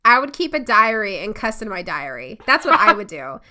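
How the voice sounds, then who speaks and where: A woman's voice: medium pitch, big pitch swings, brisk, sharp tone. A woman in her twenties co-hosting a comedy podcast, telling stories in an emphatic, exasperated way. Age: 20s. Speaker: podcast co-host. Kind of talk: casual comedic chat.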